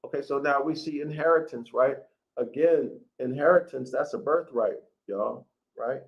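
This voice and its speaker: A man lecturing, reading scripture aloud and commenting on it in an emphatic, deliberate way, calling his listeners "y'all", with a voice that is giving him trouble. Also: mid-range voice, vocal fry. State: voice troubled, needs water. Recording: dull lo-fi recording.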